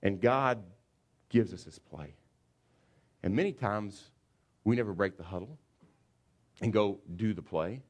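A pastor delivers his sermon in a fairly low male voice. He tells a story with lively, acted-out asides and speaks to his congregation in plain, conversational words. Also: measured pace, pauses often. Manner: animated storytelling, acts out football players.

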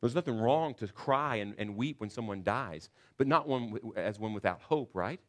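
Man, pastor, deep low voice, earnest sermon, emphatic, church. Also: expressive, moderate pace. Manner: earnest preaching, rising to loud emphatic passages.

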